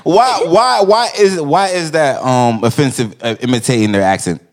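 A man's voice: on the high side, moderate pace. A man in casual podcast chat, pressing an argument with frequent restarts.

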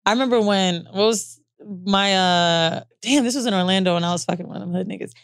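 A woman's voice: medium pitch, a little fast, clean tone, dry recording, studio quality. A woman co-hosting a podcast in casual chat, telling stories candidly and laughing often. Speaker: podcast co-host.

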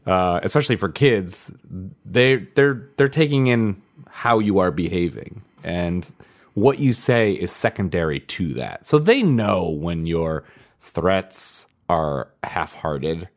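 Guy with a super deep voice chatting about his kid, bouncy animated delivery, laughs a lot. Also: takes it slowly. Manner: musing, analytical, laughs often. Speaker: podcast co-host and parent. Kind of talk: casual chat.

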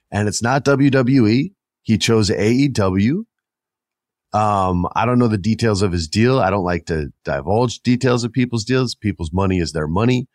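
A man's voice: lowish voice, a little mellow, no room sound, clean studio sound. A man hosting a podcast in casual chat, rambling and talking straight to his listeners. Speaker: podcast host.

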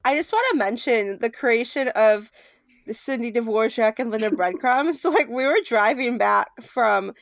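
A woman's voice: fairly high pitch, expressive, a little slow, creaky, no room sound, studio quality. A young woman co-hosting a podcast in casual chat, rambling with lots of fillers.

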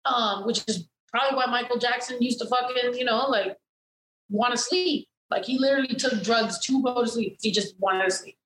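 A woman's voice: fairly high pitch, normal speed, a bit bright. Candid, profane woman chatting in an echoey room. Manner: candid, profane, rambling with many fillers. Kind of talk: casual chat.

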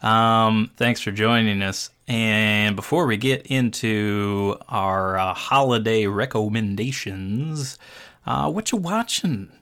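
A man's voice: lowish voice, slow pace, fairly bright tone, clean tone. A man hosting a podcast, joking and teasing in casual chat. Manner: jokey, teasing. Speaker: podcast host.

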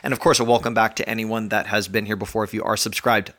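A man hosting his own podcast from home, talking in a chatty, energetic, self-mocking way while a little out of breath. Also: lowish voice, fast. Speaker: podcast host. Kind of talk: casual podcast monologue.

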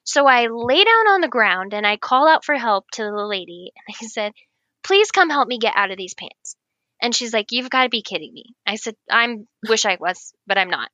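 A woman telling a long personal story in casual chat, animated, laughing often and acting out what people said. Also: fairly high pitch, moderate pace, dry recording. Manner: animated, laughs often, acts out quoted lines. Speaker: guest.

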